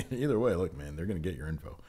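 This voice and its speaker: A man's voice: sits low, expressive, quick pace, mellow, breathy edge. A man co-hosting a casual wrestling review podcast, loose and jokey, rambling with asides. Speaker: podcast co-host. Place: home podcast set.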